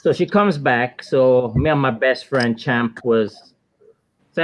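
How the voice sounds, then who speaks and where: A man in his thirties from the Virgin Islands with a Caribbean accent, telling a laid-back, animated story as a guest on a casual panel. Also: mid-range voice, slow, dull audio.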